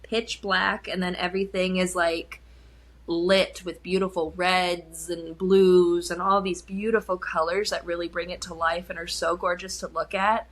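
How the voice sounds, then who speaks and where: A woman's voice: on the low side, little pitch movement, a little slow. A young adult woman co-hosting a film podcast, chatting casually and laughing often. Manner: giggly, chatty, lots of laughing. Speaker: podcast co-host.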